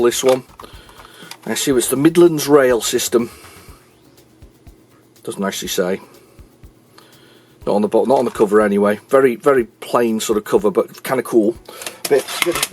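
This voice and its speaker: A man's voice: mid-range voice, a little mellow. A middle-aged man hosting a retro gaming video, chatting in a rambling way with many restarts and self-corrections. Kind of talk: casual chat showing a collection.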